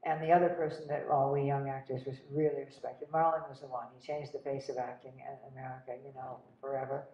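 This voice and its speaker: An older actress telling animated stories about her career in a casual interview. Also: very deep voice, quick pace. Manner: animated, breathless anecdotes with laughs. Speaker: guest actress. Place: cinema. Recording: roomy, distant, dull sound.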